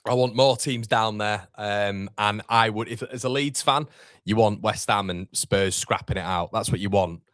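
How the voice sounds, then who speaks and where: A man's voice: lowish voice, normal speed, a bit bright, no room sound, studio quality. A young man hosts a live football watchalong. He chats casually, reads viewer comments aloud and calls people mate. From Yorkshire, England. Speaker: watchalong streamer.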